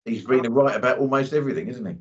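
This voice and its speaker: A man's voice: medium pitch, quick pace. A man talking bluntly in a casual two-way chat, leaning on "you know" as he goes. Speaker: co-host. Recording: dull lo-fi audio.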